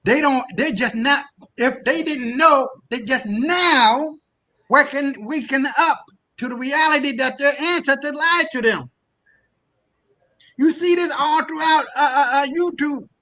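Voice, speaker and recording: A man from the United States delivers a fiery, impassioned rant, swearing freely and pushing his voice up toward a shout. His voice sits high for a man. It has a bright, sharp edge. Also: a little slow, poor audio. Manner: impassioned, profane, often raising his voice to near shouting. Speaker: guest on a discussion call. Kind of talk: heated ranting talk.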